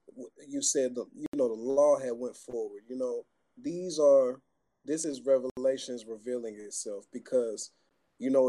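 A man's voice: mid-range voice, mellow. A man giving earnest, preachy commentary in a casual faith conversation.

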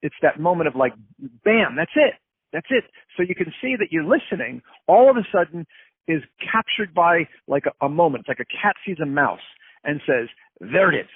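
A man's voice: a little high, big pitch swings, normal speed, husky, no echo. A man as an interview guest, explaining ideas through acted-out everyday examples. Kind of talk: casual interview talk. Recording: tinny phone-line sound.

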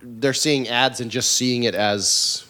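A man's voice: mid-range voice, fairly even intonation, takes it slowly, sharp tone. A man hosting a casual movie podcast, leading the talk and laughing often. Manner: laughs often, leads the segments. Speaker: podcast host. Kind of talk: casual movie review chat.

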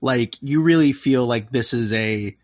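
A man in casual podcast chat, recapping a movie scene by scene. His voice sits in an ordinary middle pitch, and he rambles, slipping into the characters' quoted lines as he goes. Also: measured pace, no echo, clean studio sound. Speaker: podcast co-host.

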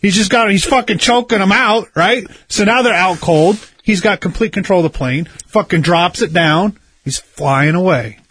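A man's voice: high-pitched, normal speed, hardly any pauses, fairly bright tone, husky. A man in casual chat, rambling through a conspiracy story with heavy swearing and insisting he is right. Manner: insistent, argumentative.

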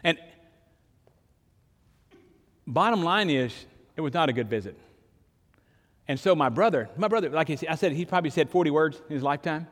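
A man's voice: fairly high pitch, animated, normal speed, pauses often, fairly bright tone, in a large hall. An older man, preaching a sermon in a conversational storytelling way, with sudden emphatic rises. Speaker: pastor.

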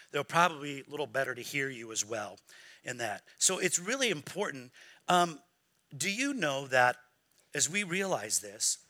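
Pastor, male, high and very bright voice, lively sermon delivery with call-and-response. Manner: preaching with call-and-response questions to the congregation; acts out quoted voices in a lively, mocking tone.

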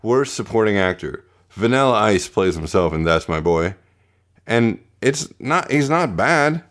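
A man hosting a podcast with a somewhat low voice. He talks offhandedly and jokes as he runs through lists of nominees. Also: sing-song, unhurried. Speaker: podcast host. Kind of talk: casual chat.

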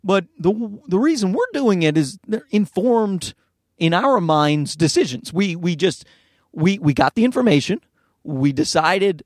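A young man hosting a casual solo podcast from inside his parked car, ranting in a profane, rambling way and jumping up to high pitches. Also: animated, a little slow, no room sound, clean studio sound. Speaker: podcast host.

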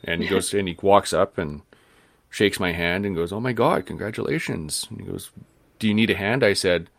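Man, very low voice, dry close sound, animated storyteller, casual interview. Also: normal speed, gravelly, no echo. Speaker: podcast co-host.

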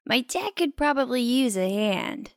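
A woman's voice: a little high, expressive, dry recording, studio quality. A woman voicing a spirited young girl who plays guitar in a children's audio drama, upbeat and playful. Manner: upbeat and playful, drawn-out delivery.

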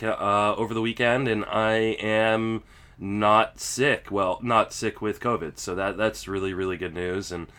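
A man co-hosting a sports podcast in a bright, smooth, crisp voice. He speaks casually and haltingly, restarting his sentences as he works out his point. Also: fairly low pitch. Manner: hesitant, lots of fillers and restarts. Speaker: podcast co-host.

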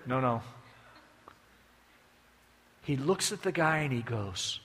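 A man's voice: medium pitch, lively intonation, slow, long pauses, pushed and bright, a little hiss or hum. A man preaching a sermon as a folksy, joking storyteller, with long hall reverb behind him.

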